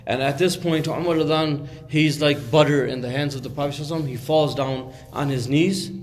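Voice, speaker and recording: A man's voice: a little high, fairly even intonation, fast talker, slight background noise. A man telling a story in a conversational sermon, with many fillers and restarts and recited Arabic phrases. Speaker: Islamic speaker.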